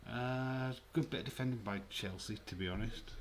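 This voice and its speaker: A man hosting a livestream, giving relaxed, chatty commentary and reactions while watching a match. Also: mid-range voice, normal speed, a little hiss or hum. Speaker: livestream host. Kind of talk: casual live match commentary.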